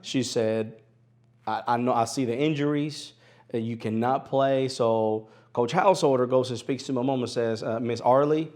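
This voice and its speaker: A man in his thirties from Venezuela tells his story in an interview, his Spanish accent softened by a country twang. He speaks at a middling pitch. He repeats phrases for emphasis and laughs easily. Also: normal speed. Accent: Venezuelan Spanish with an East Tennessee twang. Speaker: interview guest, sports broadcaster.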